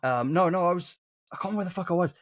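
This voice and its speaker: A chatty podcast host with a fairly high male voice. The sound is dry and close, and he laughs along as he tells stories. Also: racing, dry recording. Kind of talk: casual chat.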